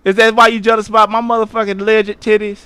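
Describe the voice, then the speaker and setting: A man hosting a livestream, roasting someone loudly and profanely, jumping into shrieking high tones to mock and often asking "you know what I'm saying". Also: level tone, fast talker, smooth, no room sound. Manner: loud mocking roasting with shrieking high jumps. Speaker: livestream host. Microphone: streaming setup at a computer.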